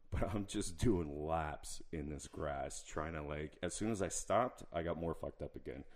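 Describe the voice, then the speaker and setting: A young man in casual chat, telling an animated, profane story full of quoted asides. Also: very deep voice, measured pace.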